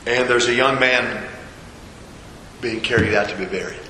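A man's voice: mid-range voice, fairly even intonation, moderate pace, sharp tone, echoey room, long reverb tail, a little hiss or hum, rough recording. A man preaching a sermon, retelling a scripture story and repeating rhetorical questions. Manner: storytelling, voices the figures' quoted lines, rhetorical questions.

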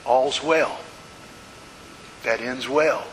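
A man's voice: mid-range voice, extremely slow. A man preaching a sermon, telling stories dramatically with repeated refrains. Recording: reverberant hall with faint hiss.

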